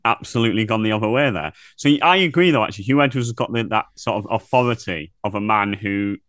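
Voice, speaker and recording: A man's voice: lowish voice, fast talker, a bit bright, no echo. Teasing male podcast co-host, dry. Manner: playful, teasing, laughs often. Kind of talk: casual comedic chat.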